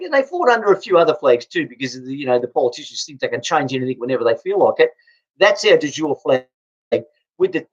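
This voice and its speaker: Angry Australian man ranting, lo-fi. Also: a little high. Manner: blunt, swearing, stumbling restarts. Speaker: political vlogger. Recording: dull lo-fi recording.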